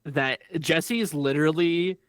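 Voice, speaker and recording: A man's voice: on the high side, unhurried, clear, resonant tone, no room sound, studio quality. A man co-hosting a podcast, chatting casually with a rambling, jokey manner. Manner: rambling, many fillers, jokey. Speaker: podcast co-host. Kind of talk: casual recap chat.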